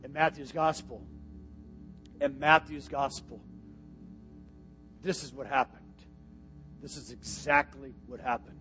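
A man preaching in a church sanctuary, his voice dropping low and steady for instructions, then rising to loud, ringing declarations. Music plays clearly behind him throughout. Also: measured pace, pauses often. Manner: swings from quiet instruction to shouted climax. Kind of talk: sermon with altar call.

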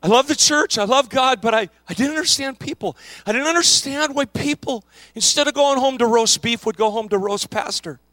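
A man putting on the voice of a heartbroken young man who speaks quietly and haltingly through tears. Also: high-pitched, dry recording. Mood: grieving. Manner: halting, quiet, breaking into short bursts. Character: heartbroken young man, soft-spoken and tearful.

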